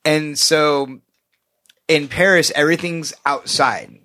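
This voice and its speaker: Bright-voiced man telling a story. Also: a little high, fairly even intonation, slow. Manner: loose and profane, quotes himself in raised voice. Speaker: podcast co-host. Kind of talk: casual chat, telling a story.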